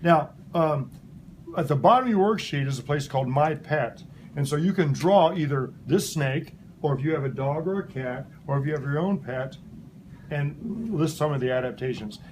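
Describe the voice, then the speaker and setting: A man teaching a lively, playful science lesson to a class of children, asking them questions as he goes. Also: a little high, normal speed, a little hiss or hum. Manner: animated, playful, asks kids questions. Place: elementary school classroom.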